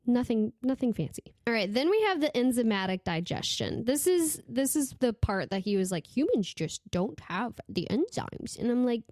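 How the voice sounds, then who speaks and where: A woman's voice: fairly high pitch, a little fast, hardly any pauses, no echo. A young adult woman hosting a casual podcast, explaining food facts with passion and frequent laughter. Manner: animated, laughing, fired-up explainer. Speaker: podcast host.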